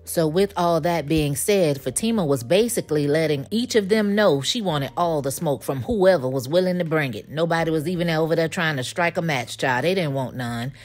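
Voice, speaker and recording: A woman recapping a TV episode in a casual, animated, gossipy way, full of slang and quoted lines. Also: low voice, moderate pace, few pauses. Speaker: TV show reviewer.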